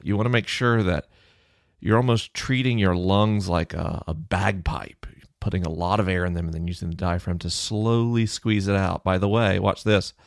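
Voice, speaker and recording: A man hosting a science Q&A podcast alone in his office, explaining in a relaxed, conversational way into a close microphone. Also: sits low, moderate pace, gravelly, no room sound. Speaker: podcast host answering listener questions. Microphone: close studio microphone off to the side of the mouth.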